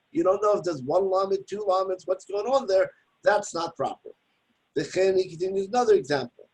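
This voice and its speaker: Speaking fairly quickly in a high-pitched, somewhat mellow voice with a breathy edge, a man teaches a daily Torah text lesson. He reads Hebrew passages and explains them in plain English, sounding out pronunciation examples. The recording quality is low.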